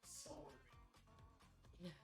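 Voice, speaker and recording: A woman off camera making quiet, offhand remarks from away from the mic. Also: extremely slow, soft background music. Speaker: off-camera companion. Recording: echoey room, away from the mic.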